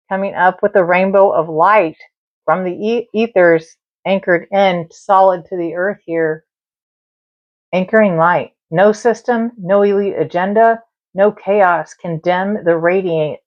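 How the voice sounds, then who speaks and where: A woman's voice: fairly low pitch, lo-fi sound. A woman hosting a spiritual live stream, chatting casually and talking straight to her viewers and the spirits. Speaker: live-stream tarot and spirit box host.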